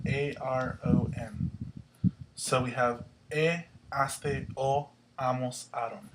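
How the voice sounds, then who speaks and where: A young man hosts a casual lesson, walking through the material step by step and spelling out endings letter by letter. His voice sits at a middle pitch, with faint noise in the background. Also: steady tone, slow, rough recording. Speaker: host, Spanish tutor.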